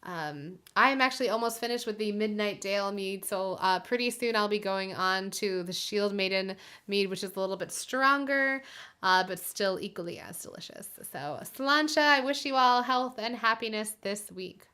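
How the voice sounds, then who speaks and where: A woman's voice: medium pitch, normal speed, bright, forceful tone, clean tone. A woman hosting her own live music stream, chatting casually with viewers, giggly and full of fillers.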